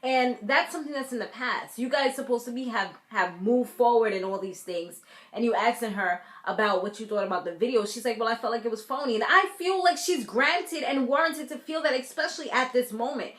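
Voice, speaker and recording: An American woman from a Caribbean family, doing a casual reality TV recap in a sassy, animated way, talking straight to her viewers. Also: on the high side, a little fast, reverberant. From Caribbean family, raised in the US. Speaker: TV recap vlogger.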